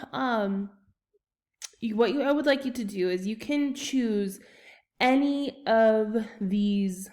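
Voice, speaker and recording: A woman's voice: a little high, darkish tone. A young adult woman teacher, casually talking students through an assignment with a chatty, rambling manner, full of ums and self-corrections. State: has the hiccups. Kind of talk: casual screen-recorded lesson walkthrough.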